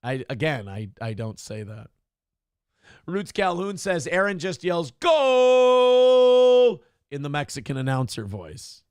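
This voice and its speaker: A man's voice: very animated, moderate pace, no echo, studio quality. A man hosting a morning talk show, casually reading viewer comments aloud with sardonic mock indignation and cursing freely. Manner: puts on a high sing-song voice for quoted lines.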